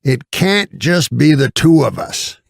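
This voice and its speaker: A man impersonating a loud, boastful old male movie star, pushing his voice high and bellowing. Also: very animated, slow, gravelly, no room sound, heavily acted.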